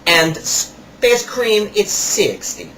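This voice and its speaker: A man voicing a pushy male kiosk salesman with a Russian accent, speaking slow, broken English in an insistent sales pitch. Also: wildly swooping pitch, sharp tone, a little hiss or hum, exaggerated voice.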